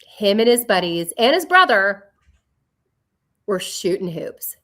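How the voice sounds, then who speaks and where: A woman in her forties co-hosting a podcast, telling stories in an animated way and acting out her own quotes. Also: medium pitch, slow pace. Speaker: podcast co-host. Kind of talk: casual chat.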